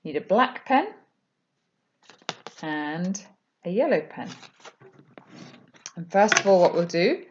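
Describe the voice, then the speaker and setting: A woman's voice: fairly low pitch, sing-song, takes it slowly, pauses often, a little hiss or hum. Storytelling woman in an echoey room. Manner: gentle storytelling, plain and friendly explaining. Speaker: children's church leader. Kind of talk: children's talk. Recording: echoey room, slightly dull sound.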